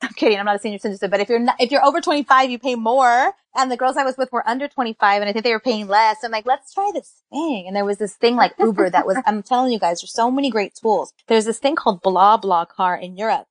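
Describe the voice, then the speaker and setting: A woman's voice: a little high, fast talker, hardly any pauses, dry recording. A woman co-hosting a casual podcast chat, talking with enthusiasm and dropping in Spanish phrases. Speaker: podcast co-host.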